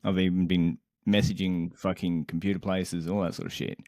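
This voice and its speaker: A young man on a casual podcast, co-hosting and telling a story in an animated, exasperated way, swearing constantly and laughing mid-sentence. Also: deep voice, normal speed, no echo, clean studio sound. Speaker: podcast co-host.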